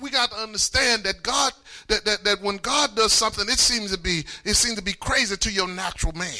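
A man preaching, his voice pitched very high for a man and strikingly bright and piercing. He rolls into a sing-song chant and shouts out calls to the congregation. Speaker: pastor. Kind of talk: sermon.

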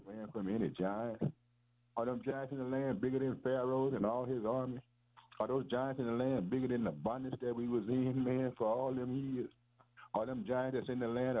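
Deep husky preacher on tinny radio. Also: male voice. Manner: fervent, repetitive, calls listeners "man" and "boy". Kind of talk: sermon. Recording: tinny phone-like radio broadcast.

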